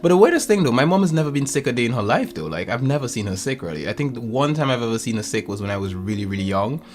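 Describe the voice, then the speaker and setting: A young man hosting a podcast, telling stories in a rambling, animated way. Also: mid-range voice, rapid-fire, music in the background. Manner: rambling, animated storytelling with laughs. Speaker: podcast host. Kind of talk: casual chat.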